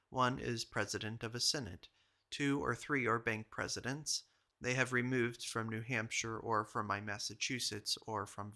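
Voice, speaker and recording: A man giving a measured audiobook reading of an old journal. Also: mid-range voice, bright, forceful tone. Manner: measured, literary delivery. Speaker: reader.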